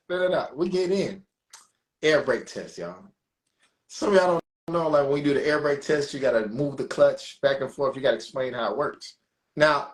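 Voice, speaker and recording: A man telling a story on a podcast in a casual, animated way, swearing freely and acting out the people he quotes. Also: on the high side. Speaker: podcast co-host.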